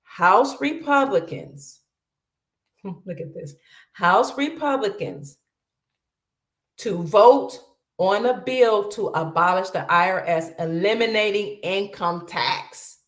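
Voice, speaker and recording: A woman's voice: mid-range voice, unhurried, a bit bright, roomy sound. A middle-aged woman hosting casual news commentary, chatty, addressing her viewers as family and reading lists aloud. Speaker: host.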